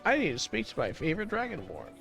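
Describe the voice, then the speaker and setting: A man's voice: on the high side, huge pitch swings, fast, fairly bright tone, soft background music. A man streaming a video game and commenting as he plays, rambling and swearing casually to fill dead air. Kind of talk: gameplay commentary.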